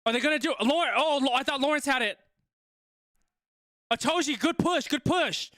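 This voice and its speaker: Excitable man commentating a live stream. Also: very high-pitched, moderate pace, no echo, clean studio sound. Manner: excitable, repeats exclamations. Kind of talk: live watch-along sports commentary.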